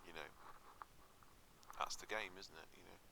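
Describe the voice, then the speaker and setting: A man's voice: deep voice, steady tone, normal speed, gravelly. A man muttering self-critical live commentary while playing online blitz chess, often under his breath. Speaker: chess streamer. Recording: loud background noise.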